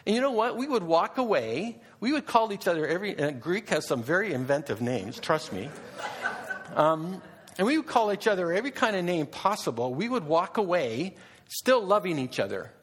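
Animated, high-pitched male speaker. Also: moderate pace, slight background noise. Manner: animated, rhetorical questions, frequent restarts. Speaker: speaker addressing an audience. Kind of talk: public talk.

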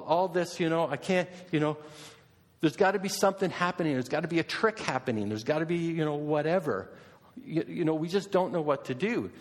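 A middle-aged male preacher with a fairly high voice talks to his congregation in an easy, conversational sermon. He keeps asking questions and repeating himself. His voice rings out in a hall with a long reverb.

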